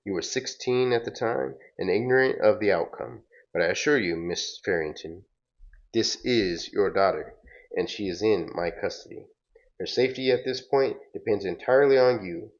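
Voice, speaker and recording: A man's voice: lowish voice, normal speed, natural voice. A man voicing a cold, formal male villain who threatens in clipped tones over a dull, lo-fi recording. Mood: coldly menacing.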